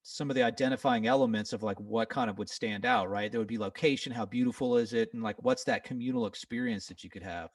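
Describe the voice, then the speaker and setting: A man's voice: mid-range voice, quick pace, hardly any pauses, dry recording, recorded from a distance. A middle-aged man co-hosting a podcast, musing in a rambling, thoughtful way with many fillers. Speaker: podcast co-host, band member. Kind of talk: casual reflective chat.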